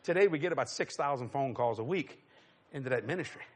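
A middle-aged preacher tells a story in a sermon, acting out the voices of other people. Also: male voice, mid-range voice, fast talker. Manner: animated, acts out voices, chuckles.

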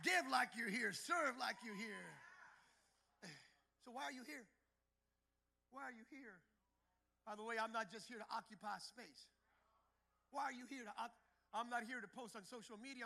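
A male pastor with a very high, gravelly voice that has a sharp, bright edge. He preaches in call-and-response, dropping to near-conversational tones and then building to full shouts. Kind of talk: sermon.

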